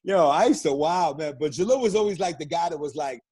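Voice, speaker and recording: A middle-aged man from Brooklyn, a guest telling stories in a casual interview, animated and profane, acting out what people said. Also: a little high, fairly quick, breathy edge. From Brooklyn, New York. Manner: animated, profane storyteller who acts out quotes.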